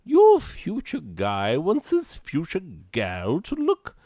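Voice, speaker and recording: A man's voice: a little high, wildly swooping pitch, slow, darkish tone, no echo, clean studio sound, voice pushed up, full character voice. A man voicing a snooty, prudish old-fashioned lady who lectures about proper manners in a haughty, affected accent. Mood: prim lecturing. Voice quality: haughty, affected upper-class lilt. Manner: scolding and prudish, lecturing the listener. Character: snooty prim old-fashioned lady giving etiquette tips.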